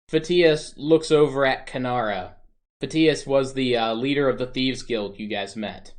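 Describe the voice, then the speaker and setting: Casual man game master narrating a tabletop game, thinks aloud, mid pitch. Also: fairly even intonation, unhurried.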